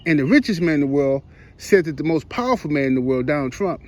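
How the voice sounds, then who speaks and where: A man's voice: a little high, animated, quick pace, darkish tone. A man giving heated, rambling opinion commentary for his online channel, in slangy speech with frequent restarts. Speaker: YouTube commentator.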